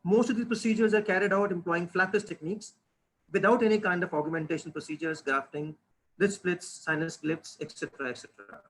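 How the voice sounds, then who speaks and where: A man's voice: high-pitched, a bit bright, breathy edge, poor audio. A man, a dentist, giving an earnest webinar lecture, often restarting and stressing key words. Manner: earnest, with frequent restarts and emphasis. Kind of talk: lecture presentation. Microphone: webinar computer microphone.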